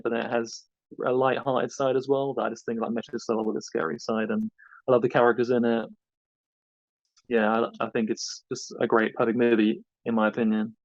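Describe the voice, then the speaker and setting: A man's voice: mid-range voice, dry recording. A man rambles through his answers with a level, unvaried delivery. The recording is dull, lo-fi and very dry, with no room sound at all. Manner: rambling, loose and hesitant. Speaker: podcast co-host being interviewed. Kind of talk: casual interview answers.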